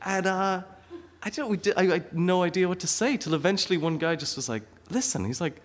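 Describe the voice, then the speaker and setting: A man's voice: high voice, a little fast. A man telling a comic story on stage, laughing often and acting out the people in it. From Ireland. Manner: animated, laughing often, acting out quoted voices. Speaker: stand-up comedian.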